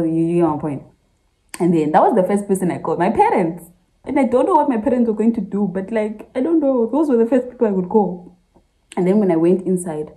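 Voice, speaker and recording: Speaking in a mellow, lowish voice, a Zambian medical student in her twenties records a casual confessional vlog. She tells her viewers an emotional personal story head-on, laughing through her tears, and the audio is poor.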